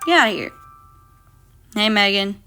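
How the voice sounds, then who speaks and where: Bright, blunt woman on a phone livestream. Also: mid-range voice, expressive, unhurried, soft background music. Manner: blunt, profane, reads viewer comments aloud and talks back. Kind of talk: casual livestream chat.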